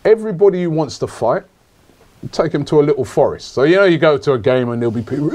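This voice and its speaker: A man hosting a casual football podcast, telling jokey, repetitive, animated stories. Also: fairly high pitch, fast. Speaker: podcast host.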